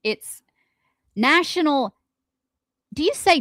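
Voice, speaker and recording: A woman co-hosting a morning radio show, playful and quick to laugh. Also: mid-range voice, expressive, no echo, studio quality. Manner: giggly, playful, chatty. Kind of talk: casual radio banter.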